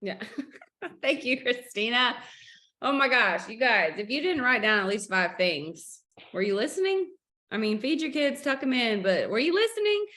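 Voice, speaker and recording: A woman's voice: fairly high pitch, big pitch swings, moderate pace, sharp tone. A woman hosting a sales team video call, upbeat and preachy, acting out family stories as she motivates her team.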